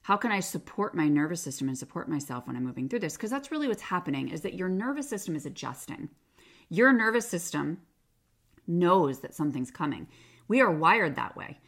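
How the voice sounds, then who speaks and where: A woman's voice: lowish voice, sing-song, a little fast, a bit bright. A woman hosting a self-help podcast, talking in a casual coaching way and often saying "like". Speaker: podcast host.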